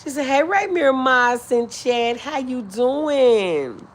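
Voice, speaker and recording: This woman runs a live stream, reading out viewer comments and replying with drawn-out, affectionate greetings, calling people honey and boo. Her voice is high with lively intonation, and every so often she clears her throat.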